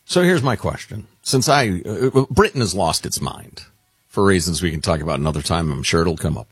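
A man co-hosting a talk radio show, bantering in a playful, jokey way with a husky voice. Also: sits low, expressive, no room sound, clean studio sound. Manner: playful, jokey, quick to laugh. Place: radio studio. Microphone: studio mic.

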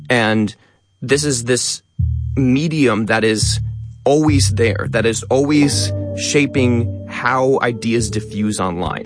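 A man talking quickly as a guest in a radio interview, stressing many of his words. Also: medium pitch. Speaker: guest, educational content creator.

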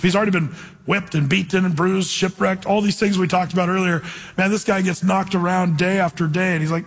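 A male pastor delivers a conversational Bible teaching and slows down when reading scripture aloud. His voice sits high and slightly husky. A long reverb trails off every phrase in the church hall. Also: steady tone. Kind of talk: sermon.

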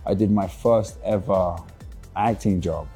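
Male actor guest, husky dark voice, laid-back, trips over his words. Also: sits low, unhurried, faint music behind. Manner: relaxed, stammering restarts. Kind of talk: casual interview chat.

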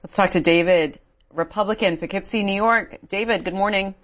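A woman hosting a call-in radio show who speaks briskly and asks direct questions. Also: medium pitch, muffled recording. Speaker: radio host.

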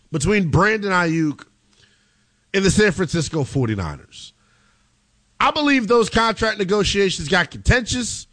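A man hosting a sports radio show, giving opinionated, measured commentary from a studio. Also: sits high, fairly bright tone.

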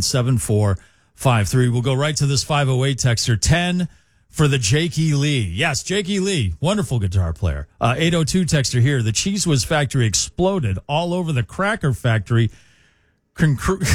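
A man's voice: a little high, dry recording. Male rock radio host, jokey and chatty, dry close studio sound. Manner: jokey, animated, reads listener texts. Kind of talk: casual radio chat. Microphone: studio mic.

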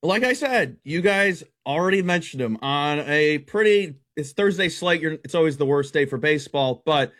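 A man's voice: on the high side, fairly bright tone. A man appearing as a sports betting analyst on a radio show, rattling off stats and picks in a blunt, brash, competitive way. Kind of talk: fast stat-heavy sports betting talk.

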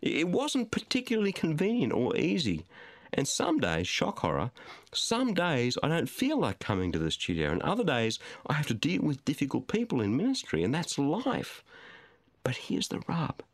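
A man's voice: fairly high pitch, wildly swooping pitch, moderate pace, no room sound. Aussie guy preaching in a studio, voice swinging all over, dry sound, quoting scripture hard. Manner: emphatic, rhetorical questions, scripture quotes. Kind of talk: sermon.

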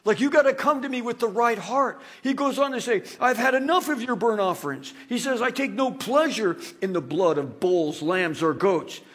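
Male preacher, high husky voice, dramatic sermon delivery with animated asides. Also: moderate pace, few pauses.

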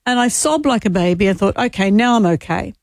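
Grieving gravelly Australian woman in her sixties. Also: mid-range voice, lively intonation, no echo, clean studio sound. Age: 60s. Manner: tearful, halting, candid. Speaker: radio co-host. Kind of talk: emotional on-air chat.

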